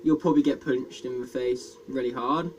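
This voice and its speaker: A man's voice: medium pitch, steady tone, normal speed, a little mellow, slight background noise, rough recording. A British man organizing a casual online group chat, teasing and bantering. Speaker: session organizer.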